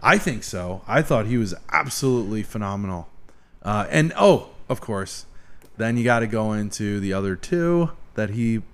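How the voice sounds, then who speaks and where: A man chatting casually about comedy films, pausing to search for names and retelling gags. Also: on the low side, expressive. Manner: hesitant, searches for words, retells film gags.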